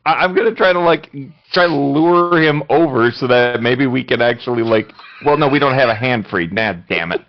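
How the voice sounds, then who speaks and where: A man playing a tabletop game over voice chat, talking in halting, unsure bursts. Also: medium pitch, dry recording, muffled recording. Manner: hesitant, halting. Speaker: player. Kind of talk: casual chat.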